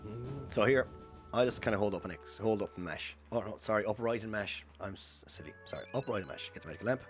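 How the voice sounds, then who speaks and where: A man with a lowish voice gives live gameplay commentary, walking viewers through each input while chatting with his chat. Music plays faintly under his talk. He sounds relaxed and conversational, like a streamer mid-run. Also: quick pace. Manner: chatty, explains each step while playing; chats with viewers between instructions.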